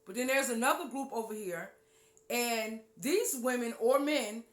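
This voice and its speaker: Animated woman preaching in an echoey room. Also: a little slow. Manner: animated, acts out listeners' voices in a higher pitch; drops low and quiet on key points. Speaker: host of a spiritual talk show. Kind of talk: spiritual teaching monologue.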